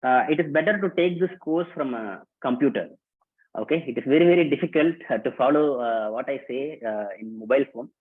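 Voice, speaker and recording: A man's voice: mid-range voice, fairly quick, breathy edge. A man hosting a live online workshop, greeting participants by name and repeating instructions in a casual way. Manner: casual, repetitive, calls out names and instructions. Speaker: workshop host. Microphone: online video call. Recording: tinny phone-like call audio.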